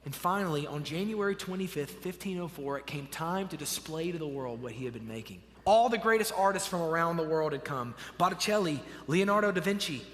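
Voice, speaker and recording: A man preaching a sermon as a pastor, telling a story with animated swells and hushed drops. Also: on the high side, a little fast, long reverb tail. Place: church sanctuary.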